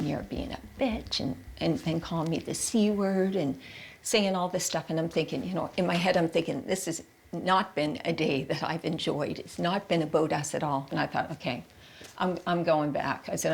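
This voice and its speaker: Gravelly-voiced woman recounting a trauma. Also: low-pitched, steady tone. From Canada. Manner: halting, repeats words, quotes her own thoughts. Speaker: interviewee recounting her experience. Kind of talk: emotional interview testimony.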